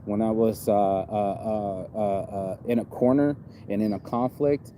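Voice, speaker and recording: A man in his forties, rambling and reflective in a laid-back outdoor vlog, his voice low and mellow. He keeps dropping "you know" between thoughts while traffic hums faintly behind him. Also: steady tone, measured pace. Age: 40s. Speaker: vlogger. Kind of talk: casual outdoor vlog monologue. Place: outdoors on a campus.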